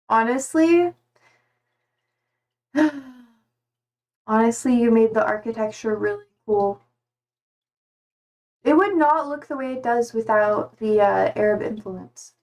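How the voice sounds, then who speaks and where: A woman's voice: fairly high pitch, unhurried. A young woman from Germany whose first language is German, chatting casually with her livestream viewers and reading their messages aloud.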